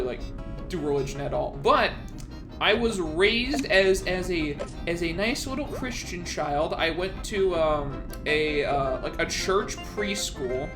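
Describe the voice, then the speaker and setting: A woman's voice: low voice, expressive, a little slow, over music. Young woman streamer chatting loosely. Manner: swears freely, laughs often, rambling with restarts. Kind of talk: casual chat with friends.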